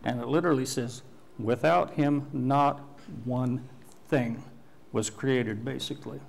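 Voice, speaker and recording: Slow-speaking older male pastor preaching. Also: medium pitch, fairly even intonation, creaky, a little hiss or hum. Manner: slow, deliberate teaching with pauses and restarts. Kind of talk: sermon. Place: church sanctuary.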